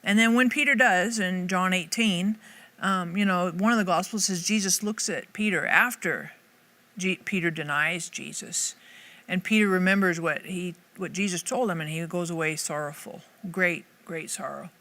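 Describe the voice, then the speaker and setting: A woman's voice: on the low side, normal speed, fairly bright tone. A woman Bible teacher giving a casual devotional talk to camera, earnest and conversational, thinking aloud as she goes.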